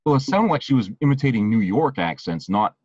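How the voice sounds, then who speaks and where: A man from Maine co-hosting a casual podcast chat, talking haltingly with many "uh" and "you know" fillers. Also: mid-range voice, very animated, a little mellow, husky, dry recording, highs cut off. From Maine, USA. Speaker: podcast co-host.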